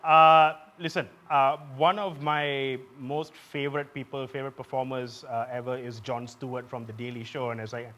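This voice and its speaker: A man's voice: mid-range voice, flat delivery, moderate pace, few pauses, slight background noise. Malaysian man hosting a satirical stand-up set. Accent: Malaysian English. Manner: punchy, shouts punchlines. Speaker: comedy show host. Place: live theatre stage. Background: audience laughter.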